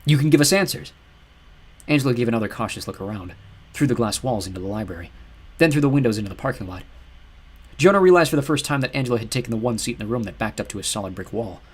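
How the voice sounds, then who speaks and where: A man's voice: on the low side, racing, breathy edge. A man narrating an audiobook, telling the story expressively and voicing its characters. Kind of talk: scripted narration.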